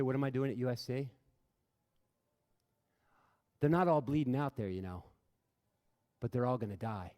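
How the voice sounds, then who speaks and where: A man giving an impassioned talk to an audience in a large room. He tells stories earnestly, building to loud, emphatic bursts and then dropping quiet. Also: medium pitch. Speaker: speaker addressing an audience. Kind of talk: impassioned public talk with storytelling. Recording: reverberant hall sound.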